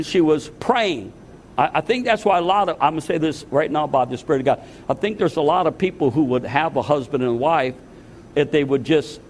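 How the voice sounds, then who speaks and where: Older male preacher in his sixties, earnest and repetitive, slightly high pitched, telling a heartfelt testimony from the pulpit. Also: a little hiss or hum. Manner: earnest, repetitive, emotional storytelling. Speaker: pastor. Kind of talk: testimony sermon.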